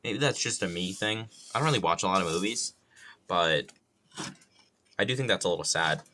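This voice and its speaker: A man's voice: sits low, expressive, moderate pace, pushed and bright, a little hiss or hum. A man from New York streaming live, rambling casually in a self-mocking, loosely profane way with a plain, neutral accent.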